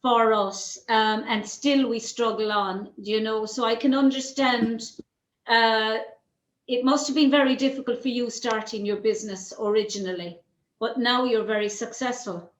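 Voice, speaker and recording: A woman's voice: on the high side, fairly even intonation, moderate pace, echoey room, dull audio. An Irish woman hosting an interview over a video call, chatty with many fillers and restarts. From Ireland. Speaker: host.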